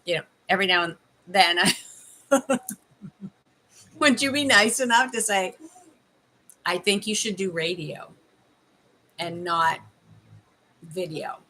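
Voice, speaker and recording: A woman's voice: fairly low pitch, takes it slowly, long pauses, pushed and bright, low-quality recording. Chatty woman tasting candy on a livestream. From Canada. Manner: chatty, tasting candy while advising viewers. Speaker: life coach livestreaming. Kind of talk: casual livestream chat.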